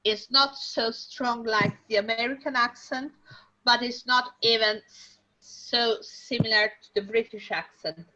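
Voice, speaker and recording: A woman teaching an English class online, talking slowly with many pauses and fillers. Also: on the high side, steady tone, pushed and bright. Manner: slow, hesitant, many fillers. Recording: dull lo-fi audio.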